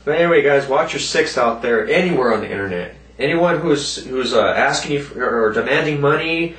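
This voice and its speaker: A man ranting casually to his viewers, rambling and swearing often, raising his pitch when he mimics other people. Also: expressive, brisk, a bit bright, roomy sound, far from the mic. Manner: rambling, swears a lot, voices quoted people in a higher pitch. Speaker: vlogger. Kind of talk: casual profane rant to viewers.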